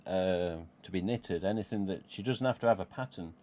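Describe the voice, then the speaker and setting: A middle-aged man with a Midlands accent hosts a relaxed live stream, rambling from one thought to the next. His voice sits a little low, and he swears casually and chuckles to himself as he talks. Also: brisk. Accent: English Midlands. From England. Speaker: livestream host.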